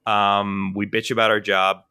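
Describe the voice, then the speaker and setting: A young man co-hosting a podcast who tells a story in an animated, casual way, full of fillers and swearing. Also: on the low side, unhurried, smooth, no echo, clean studio sound. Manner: animated and profane, with frequent fillers. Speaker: podcast co-host.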